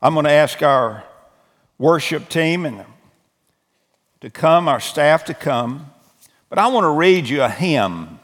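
Slow and sing-song with long pauses, a pastor's fairly high voice fills a church sanctuary during an earnest altar-call sermon. He pleads and repeats words while restarting phrases, with long hall reverb from the room.

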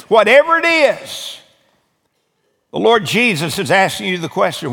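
Pleading pastor, slow and echoing. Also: male voice, high-pitched, sing-song, gravelly, fairly bright tone. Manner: earnest pleading with stammered repeats. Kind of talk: sermon altar call. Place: church sanctuary. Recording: long hall reverb from church room.

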